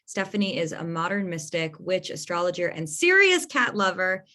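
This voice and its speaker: An effusive young woman hosts an astrology podcast, gushing and laughing easily as she chats. Her voice sits a little low for a woman. She talks casually and drops the odd swear. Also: animated, normal speed, sharp tone. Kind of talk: casual chat.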